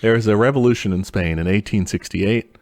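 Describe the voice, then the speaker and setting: A young man co-hosting a podcast, telling history in a loose, profane way and putting on quick mock voices for the people in it. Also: on the low side, a little mellow. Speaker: podcast co-host. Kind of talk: casual history chat.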